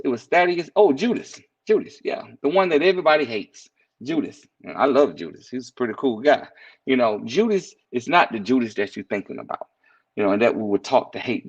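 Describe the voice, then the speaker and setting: Husky, animated man on a live stream. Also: medium pitch, muffled recording. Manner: animated, chuckling, addresses viewers by name. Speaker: live stream host reading viewer comments. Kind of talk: casual inspirational talk.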